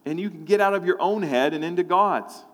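A male preacher delivers a sermon through personal storytelling. His voice sits a touch higher than most men's, and a long reverb trails behind it. He slips into the voices of his own thoughts and prayers as he speaks. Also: brisk.

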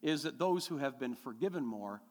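Pastor preaching with lively, rising emphasis. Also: male voice, mid-range voice, moderate pace, in a large hall. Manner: storytelling, rising to emphatic repeated declarations. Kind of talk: sermon.

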